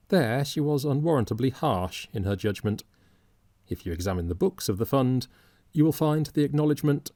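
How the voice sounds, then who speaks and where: A man narrating an audiobook in a measured, wry storytelling manner. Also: medium pitch, animated, warm tone, no room sound.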